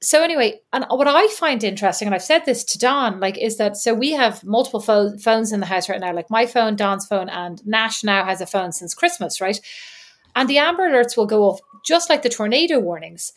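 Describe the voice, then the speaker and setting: Her mid-range voice animated and fairly quick, the Indiana-based co-host tells chatty stories on the podcast, full of asides and filler words.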